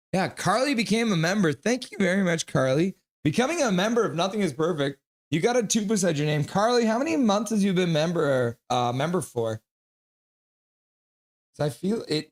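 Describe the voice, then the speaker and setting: Excitable man streaming hockey. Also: on the high side. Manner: excitable, shouts out viewers' chat messages. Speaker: streamer doing live hockey play-by-play. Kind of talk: casual live-stream commentary.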